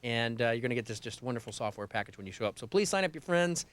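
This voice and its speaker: A man hosting a live call-in tech talk show, excitable and playful, often repeating himself. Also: mid-range voice, fast. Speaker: host.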